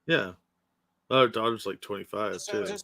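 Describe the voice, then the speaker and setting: A man co-hosting a casual reaction show, adding relaxed, joking asides. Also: on the low side, measured pace. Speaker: co-host reacting to a debate.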